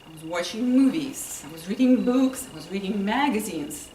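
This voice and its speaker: A woman whose first language is not English gives a humorous speech to an audience, telling her story with lively delivery and acting out lines. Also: medium pitch, moderate pace. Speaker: contest speaker. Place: indoor meeting room with audience. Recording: roomy, distant, with noise and audience laughter.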